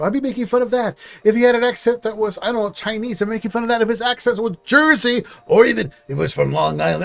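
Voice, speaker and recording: A man's voice: high-pitched, animated, fast talker, vocal fry, few pauses, a bit bright. A man hosting a reaction commentary show, sarcastic, mocking and profane.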